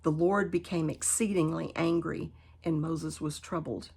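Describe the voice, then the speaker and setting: A woman teaching a Bible study lesson, reading scripture aloud and then paraphrasing it with animated emphasis. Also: deep voice, unhurried, husky.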